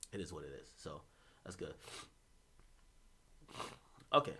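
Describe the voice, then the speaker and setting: Lively, bright-voiced man ranting on stream. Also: extremely low pitch, measured pace, a little hiss or hum. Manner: animated, profane, bursts of laughter. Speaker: livestream host and hip-hop commentator. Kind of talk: casual livestream rant.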